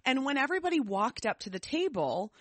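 A woman co-hosting a podcast, telling stories in a lively, casual way. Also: high voice, brisk, dry recording. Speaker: podcast co-host. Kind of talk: casual chat.

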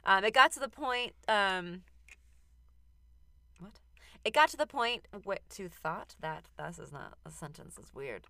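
A woman's voice: medium pitch, expressive, measured pace, pauses often, noisy background. A woman co-hosting a podcast in casual chat, giggly and stumbling over names as she reads. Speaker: podcast co-host.

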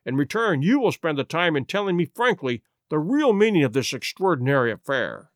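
Firm, measured Victorian detective with a lively delivery, voiced by a male narrator. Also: fairly high pitch, no room sound, clean studio sound. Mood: urgent. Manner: firm, measured, brisk when urgent. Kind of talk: audiobook reading.

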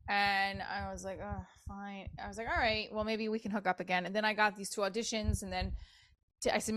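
Swearing freely and bouncing between topics, a forty-year-old woman hosts her own casual solo podcast with candor. Her medium-pitched voice is bright and forceful.

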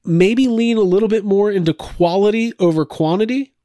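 A man's voice: high-pitched, normal speed, warm tone, no echo, clean studio sound. A man hosting a casual podcast chat, rambling with frequent restarts and laughs. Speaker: podcast host.

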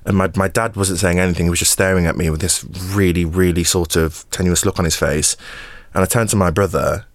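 Deep-voiced man. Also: steady tone, fairly quick. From England. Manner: open, emotional, repeats words, laughs through hard memories. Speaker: actor and podcast guest. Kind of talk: candid personal storytelling.

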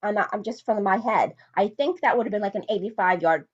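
A woman hosts her own podcast, riffing bluntly on football and repeating her points for emphasis. Her voice sits at an ordinary pitch. The recording sounds somewhat muffled and lo-fi. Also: brisk. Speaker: podcast host. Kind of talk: opinionated solo sports commentary.

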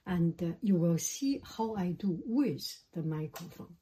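A woman vlogger chatting casually as she tests a microphone plugged into her laptop, often dropping to a soft whisper. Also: fairly low pitch, animated, a little slow, breathy edge. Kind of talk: casual demonstration. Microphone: small microphone plugged into a laptop.

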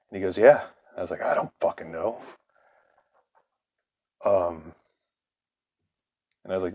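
A man's voice: lowish voice, a little mellow, no echo. A man, the host, telling a long personal story in a casual, profane way, laughing often and acting out what others said. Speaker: podcast host.

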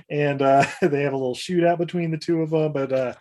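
Brief: male co-host, relaxed rambling recap, slightly higher voice, giggly. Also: moderate pace. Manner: loose and laughing, lots of fillers. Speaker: podcast co-host recapping a TV episode. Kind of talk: casual chat, retelling scenes with playful mock voices.

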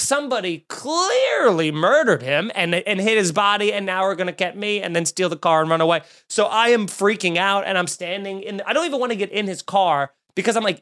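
A man hosting a comedy podcast, telling a story in an animated, exaggerated and profane way. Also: sits high, fairly quick.

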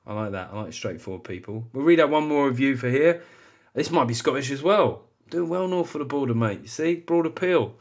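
British male podcast host, mid-pitched, wry and chatty, laughs at himself. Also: expressive, a little fast. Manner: chatty, wry, self-mocking, laughs often. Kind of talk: casual chat and reading listener reviews.

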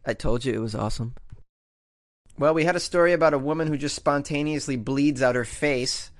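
A man's voice: on the high side, animated, normal speed, fairly bright tone. A man hosting a comedic talk radio show, riffing sarcastically on odd news stories and reading them out with mock disbelief. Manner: sarcastic, joking, mock-incredulous.

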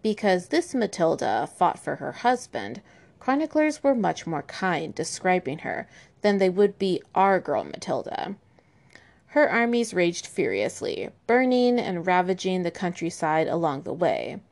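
A woman's voice: lowish voice, big pitch swings, measured pace, creaky, darkish tone. A woman telling medieval history in an irreverent, sarcastic way, with profane asides. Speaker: history podcast host.

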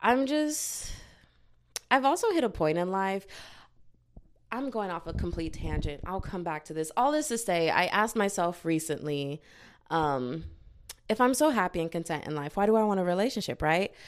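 A young woman speaks into her own mic in a loose confessional vlog. She rambles and leans on "like" constantly, then jumps in with sharp, self-mocking asides. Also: fairly low pitch, animated, normal speed. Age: young adult. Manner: rambling, heavy use of "like", self-mocking outbursts. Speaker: vlogger. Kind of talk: casual confessional monologue. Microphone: own microphone.

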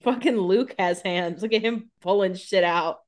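A woman co-hosting a podcast, chatty and reactive, adding quick comments while recapping a TV episode. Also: mid-range voice. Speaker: podcast co-host. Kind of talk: casual recap chat.

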